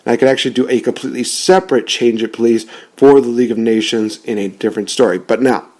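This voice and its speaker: A man's voice: medium pitch, fairly even intonation, fast talker, a little mellow. A man giving casual, rambling commentary on rebooking wrestling storylines, often correcting himself.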